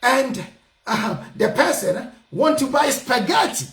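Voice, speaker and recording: A man's voice: very high-pitched, slow pace. A Ghanaian man with a strong Ghanaian English accent hosts a talk programme in a casual, lecturing way. His voice rises and falls a great deal and he often raises it to stress a point. The sound carries an echoey room. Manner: animated, emphatic, raising his voice to make points. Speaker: radio programme host. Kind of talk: casual call-in radio talk.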